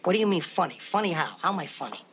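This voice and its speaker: An actor playing a volatile, short-tempered mobster who talks in a brash, profane way. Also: male voice, high-pitched, big pitch swings, racing, a bit bright. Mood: menacing. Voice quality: brash, profane, menacing mock-offense. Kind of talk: film dialogue. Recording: noisy film audio.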